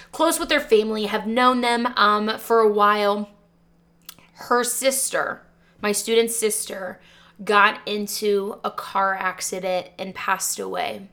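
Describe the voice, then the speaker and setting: A woman's voice: medium pitch, a bit bright. A woman teacher hosts her own podcast and speaks straight from the heart. She tells a personal story in a sincere, conversational way, letting her emotion show and filling gaps with a casual "like.". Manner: earnest, heartfelt, openly emotional; conversational with frequent "like" fillers.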